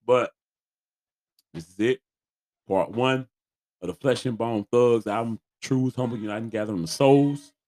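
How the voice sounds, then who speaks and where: A man's voice: mid-range voice, a little slow, pauses often, a little mellow. A congested man co-hosting a casual album review chat, talking in laid-back slang and trailing off. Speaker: podcast co-host.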